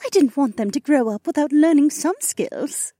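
A man's voice: extremely high pitch, animated, normal speed, warm tone, dry recording, clean studio sound, pitched above the performer's own voice. A man doing a pleased middle-aged mother. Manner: explaining, pleased. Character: warm, happy mother, middle-aged woman. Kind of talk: audiobook narration.

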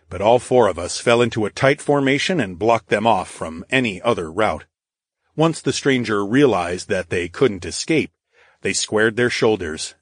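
A man reading a fantasy audiobook in first person, in a steady, measured narration. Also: fairly low pitch, no room sound, studio quality. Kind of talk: scripted narration.

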